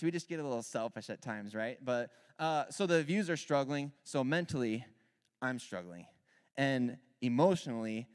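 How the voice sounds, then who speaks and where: Guy in his 30s preaching, telling a personal story, gets loud and animated at points, long echo from a big church hall. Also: mid-range voice. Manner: candid, animated storytelling with bursts of loud emphasis. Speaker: worship leader preaching. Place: church sanctuary.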